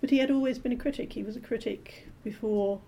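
A woman translator being interviewed, explaining her work in a measured, thoughtful way with frequent pauses and ums. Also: fairly high pitch, warm tone, a little hiss or hum. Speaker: literary translator, interview guest. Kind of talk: thoughtful academic conversation.

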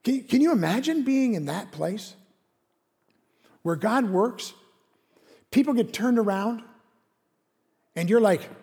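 A man's voice: high-pitched, lively intonation, slow pace, gravelly, pauses often, a little mellow, long reverb tail. A man preaching a sermon, emphatic, acting out a prophet's bitter complaints with rising intensity. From Canada. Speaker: pastor.

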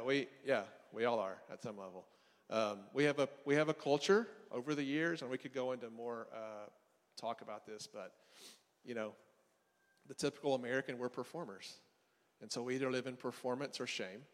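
A man's voice: mid-range voice, moderate pace, long reverb tail. A man, a counselor, giving a casual faith-based teaching talk on parenting and attachment, talking conversationally with asides and restarts. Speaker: marriage and family counselor teaching a seminar.

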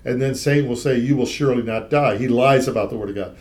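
An earnest man teaches the Bible in a relaxed, conversational way, sharing a talk show with a co-host. When he reads scripture aloud he builds his emphasis, then drops back to plain chat. His voice sits at an ordinary middle pitch for a man. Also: fast talker.

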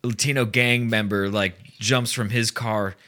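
Bright-voiced rambling podcast man. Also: lowish voice, fairly even intonation, a little slow. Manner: rambling, trailing off with fillers. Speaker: podcast co-host. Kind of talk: casual chat.

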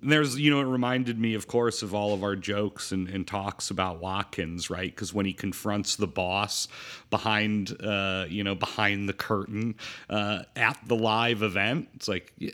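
A man co-hosts a casual film podcast. His voice is mid-pitched and easygoing, and his talk rambles along, packed with fillers and restarts as he works his way toward each point. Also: moderate pace. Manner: rambling, filler-heavy, relaxed. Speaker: podcast co-host.

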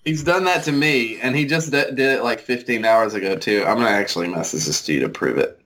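A man's voice: mid-range voice, animated, fairly quick, fairly bright tone. A man in a casual podcast chat, playful and laughing often as he jokes.

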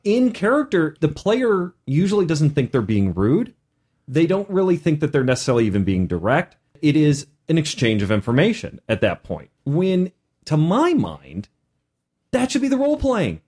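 A man hosting a casual podcast as a game master, animated, with many restarts. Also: on the high side, normal speed, husky.

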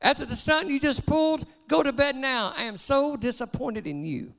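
A man voicing an angry, overworked father in a sermon story, scolding and shouting at his son. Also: sits high, very animated, normal speed, gravelly, long reverb tail, full character voice.

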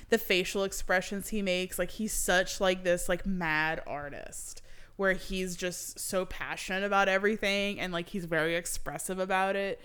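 A woman's voice: on the low side, fairly bright tone, smooth. An American woman co-hosting a podcast, chatting casually and laughing often as she talks about films and TV. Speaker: podcast co-host. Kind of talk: casual film discussion.

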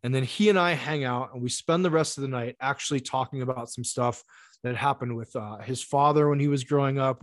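A middle-aged man, an interview guest, telling a personal story in a casual, animated way, swearing freely and acting out what others said. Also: mid-range voice, no echo, studio quality. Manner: animated, profane, acts out quoted dialogue.

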